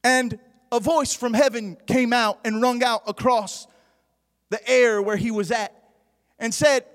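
A man preaching a fiery sermon, often shouting, his voice unusually high and his delivery slow and deliberate. A long hall reverb trails every phrase. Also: fairly even intonation.

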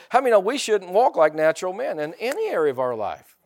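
His voice sits high and sing-song, and he talks fast: a middle-aged man preaching a conversational sermon. He often repeats words, throws rhetorical questions at the congregation and breaks into loud outbursts.

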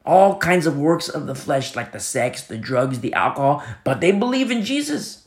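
A man preaching a sermon as pastor, earnest and repetitive, often dropping to a soft hush. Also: fairly high pitch, very animated, normal speed, reverberant.

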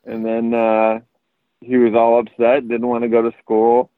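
Slightly slow and mid-range, this man's voice comes through a dry recording on a tinny, phone-like line. As a guest on a casual podcast, he tells stories animatedly and performs the quoted lines himself.

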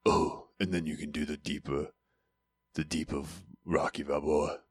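A man's voice: rumbling low, level tone, measured pace, breathy edge, voice pushed down, heavily acted. A man doing a mumbling tough-guy boxer. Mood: menacing low. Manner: slurred rolling drawl with drooping lip. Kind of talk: casual podcast impression.

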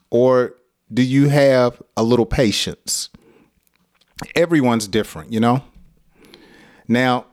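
A middle-aged American man with a somewhat low voice gives a casual English lesson, acting out angry example phrases and laughing often. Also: darkish tone. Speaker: English teacher.

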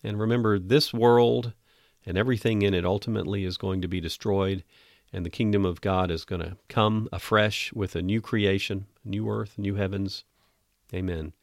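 A man hosting a podcast Bible teaching, earnest and emphatic, reading scripture slowly. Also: lowish voice, steady tone, creaky, no room sound, clean studio sound.

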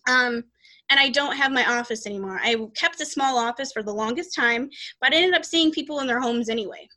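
A woman's voice: sits high, fairly quick, sharp tone. A woman hosting a podcast, chatting casually about her life and her readings in a rambling way with many restarts. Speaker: podcast host and psychic reader.

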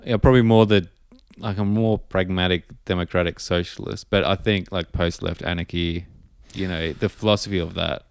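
A man's voice: deep voice, steady tone, normal speed, vocal fry, hardly any pauses, clean tone, dry recording. A man in his thirties from Australia, co-hosting a podcast in casual chat, blunt, wry and heavy on swearing. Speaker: podcast co-host.

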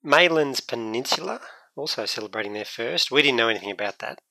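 A man co-hosting a podcast, upbeat as he moves from segment to segment. His tone is bright and tense with a gravelly grain. The sound is dry and close. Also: mid-range voice, animated, brisk, dry recording. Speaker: podcast co-host. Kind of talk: casual chat.

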